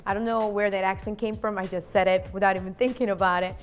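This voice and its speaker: A woman's voice: mid-range voice, steady tone, quick pace, faint music behind. Chatty woman hosting a cooking video. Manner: chatty, playful asides to viewers. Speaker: cooking channel host. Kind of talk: casual cooking demonstration. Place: home kitchen.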